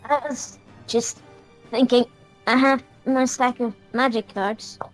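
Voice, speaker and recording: A woman's voice: a little high, steady tone, takes it slowly, faint music behind, low-quality recording. A woman playing a tabletop game, talking casually and giggling often. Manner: giggly and playful. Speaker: player. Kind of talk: casual play chat.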